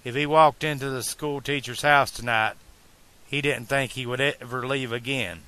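A man reads a fan-made audiobook in a slow, deliberate pace. His tone is bright and clear at a medium pitch. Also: fairly even intonation. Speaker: audiobook narrator.

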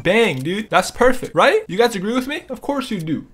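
A young man riffs excitedly over his gameplay, his pitch leaping up and down as he jokes with other players. Faint game music plays behind his voice. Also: normal speed. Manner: joking, excitable, talks to players and viewers. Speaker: gaming streamer. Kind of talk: casual gameplay commentary.

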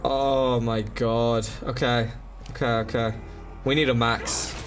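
A young man commentating his game live, excitable, swearing and begging the game for help. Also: mid-range voice, takes it slowly, slight background noise. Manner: swears, begs and pleads under pressure. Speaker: gaming streamer. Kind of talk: frantic live gameplay commentary. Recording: loud game music behind. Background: game music.

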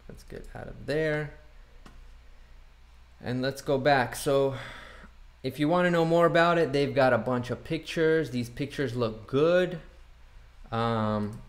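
A man's voice: mid-range voice, slow, long pauses. A man, a boat broker, casually reacting to a promotional video, chatty and opinionated as he thinks aloud.

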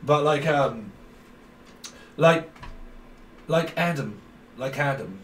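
A man's voice: mid-range voice, lively intonation, takes it slowly, a bit bright, recorded from a distance. A man giving a rambling, jokey tarot reading, free-associating and putting on silly voices. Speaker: tarot reader. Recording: roomy echo, set back from the mic, faint background noise.

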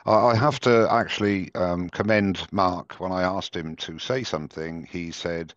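A man's voice: sits low, normal speed, no room sound. A man hosting a live demo stream, chatting casually and joking at his own expense over a headset. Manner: chatty, self-mocking, rambling. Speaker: host of a live woodturning demo. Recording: dull, dry headset sound.

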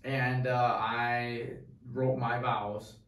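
A young man co-hosting a podcast, rambling through a profane, excited story in casual chat. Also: mid-range voice, extremely slow. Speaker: podcast co-host. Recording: echoey room, distant mic.

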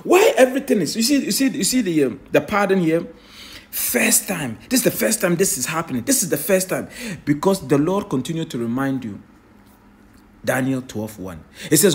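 Male preacher, high and very animated, emphatic, full of rhetorical "eh?" questions. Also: moderate pace. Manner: swings from loud declaring to low muttering. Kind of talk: sermon.

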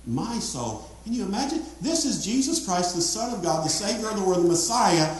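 A man's voice: high-pitched, big pitch swings, moderate pace. A man preaching a sermon as pastor, emphatic and repetitive, calling out to the congregation. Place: church sanctuary. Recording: very echoey church hall.

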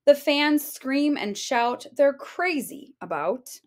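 A woman's voice: high-pitched, animated, slow pace. A woman teacher reading a rhyming picture book aloud with a sing-song delivery. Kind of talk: storybook read-aloud.

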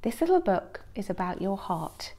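At a moderate pace and medium pitch, a woman presenting a children's assembly tells an expressive story, sinking into hushed whispers before climbing to excited, louder bursts.

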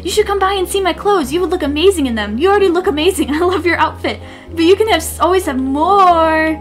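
A woman voicing an excitable young woman fashion shop owner who gushes with compliments. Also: very high-pitched, fast, soft background music. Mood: gushing. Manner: gushing, excitable.

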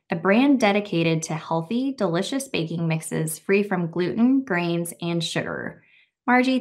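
A woman hosting an interview show, reading a polished introduction and asking questions. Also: medium pitch. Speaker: podcast host. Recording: faint music behind.

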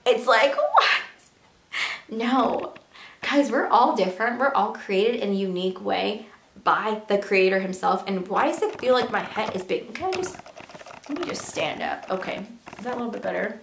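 A woman's voice: medium pitch, expressive, moderate pace, vocal fry, slight background noise. A young woman vlogging to camera in a casual, earnest way, full of rhetorical questions. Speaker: beauty and lifestyle vlogger. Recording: echoey room.

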